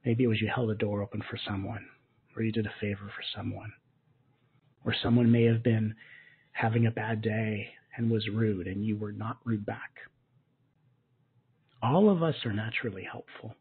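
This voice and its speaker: A man leading a guided gratitude meditation as a spiritual teacher, speaking softly and slowly in a soothing way. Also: fairly low pitch, fairly even intonation, husky. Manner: soft, slow and soothing, with gentle repetitions. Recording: muffled lo-fi narrow-band audio.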